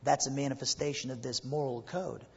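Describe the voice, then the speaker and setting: A man's voice: medium pitch, fairly even intonation, brisk, creaky, slightly rough. A man preaching a sermon as pastor, earnest and emphatic, asking rhetorical questions and pressing his points home. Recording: muffled recording with long hall reverb.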